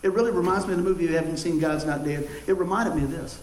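A man preaching a sermon, telling animated stories and calling out for responses from the congregation. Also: fairly high pitch, rapid-fire, reverberant, low-quality recording. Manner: animated storytelling with call-and-response. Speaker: pastor.

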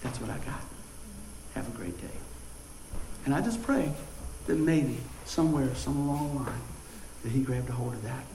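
A man preaching a sermon, telling animated stories and calling out for responses from the congregation. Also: medium pitch, moderate pace, echoey room, slight background noise, low-quality recording. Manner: animated storytelling with call-and-response. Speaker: pastor.

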